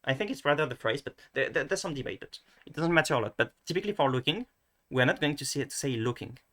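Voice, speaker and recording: A man's voice: a little high, expressive, fast, pushed and bright. Hesitant French-accented man teaching pronunciation. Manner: hesitant, many restarts and fillers, thinking aloud. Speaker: language tutor. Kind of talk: casual screen-recorded lesson.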